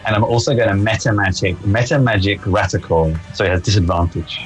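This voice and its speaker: A man with a low voice casually explains his spell and targets as a tabletop player. Faint game music hums behind him. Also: fairly even intonation, a little fast, poor audio.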